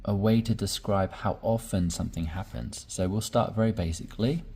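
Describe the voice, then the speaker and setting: A man's voice: lowish voice, normal speed, warm tone, slightly rough. A man teaching English conversation, explaining sentence structure step by step and often checking in with "right?".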